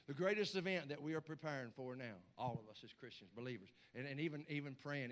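A man preaching a sermon as pastor, swinging from low asides to hollered, repeated lines. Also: moderate pace. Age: middle-aged or older. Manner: building to shouted, hollering preaching with stammered repeats.

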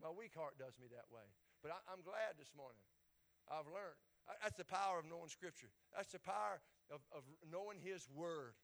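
A man preaching a sermon, stammering and repeating words as he builds toward loud, shouted peaks. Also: a little high, animated, moderate pace. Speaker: pastor.

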